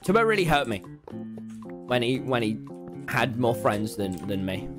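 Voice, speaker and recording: Young man, live gaming commentary, very lively pitch, shouty, swears a lot, faint music behind. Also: normal speed. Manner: loud, excitable, swears and shouts often. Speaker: gaming streamer.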